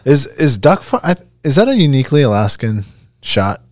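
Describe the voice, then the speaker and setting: A man hosting a casual podcast chat, relaxed and swearing freely as he talks. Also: mid-range voice, fairly quick.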